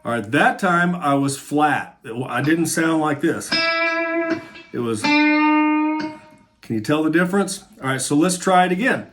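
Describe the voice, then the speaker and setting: A man's voice: a little high, animated, moderate pace, few pauses, a bit bright. Encouraging man teaching guitar. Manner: friendly, encouraging, thinks aloud. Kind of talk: casual guitar lesson. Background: guitar playing.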